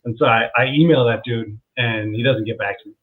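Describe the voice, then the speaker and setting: A man's voice: mid-range voice, fairly even intonation, fairly quick. A man, a comedian guest, telling a story in casual chat, laughing as he goes and acting out what people said. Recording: tinny phone-like line.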